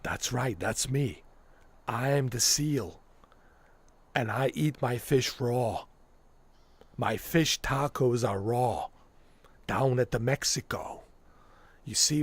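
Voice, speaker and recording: A man doing an impression of a boastful older ex-commando celebrity, talking in a slow, self-important drawl. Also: medium pitch, slightly rough, no echo.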